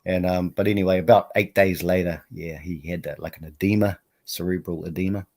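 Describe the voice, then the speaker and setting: A man's voice: low voice, fairly even intonation, a little fast, darkish tone. A man hosting a live stream, chatting casually in a rambling, self-deprecating way and laughing often. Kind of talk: casual chat.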